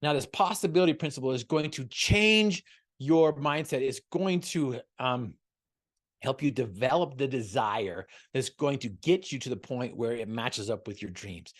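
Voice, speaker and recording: A man's voice: medium pitch, animated, moderate pace. A man giving a motivational talk over a video call, telling a story and firing off repeated rhetorical questions. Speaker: motivational speaker guest.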